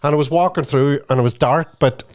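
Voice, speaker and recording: A man co-hosting a podcast in casual chat, telling a story in short, halting phrases. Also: on the high side, darkish tone. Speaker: podcast co-host.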